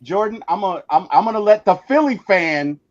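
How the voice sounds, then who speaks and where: A man's voice: high-pitched, animated, moderate pace. A man hosting a casual sports chat on a live stream, teasing his friends and steering the talk. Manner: playful, teasing, leads the talk. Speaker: host. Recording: dull, lo-fi mic.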